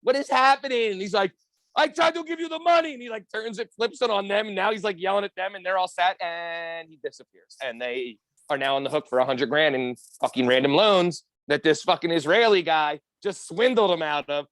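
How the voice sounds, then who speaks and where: Podcast guy, higher voice, animated, acts out the people in his stories, dry close mic. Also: fairly quick, no room sound. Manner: animated storyteller, acts out quotes. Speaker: podcast co-host. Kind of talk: casual profane chat.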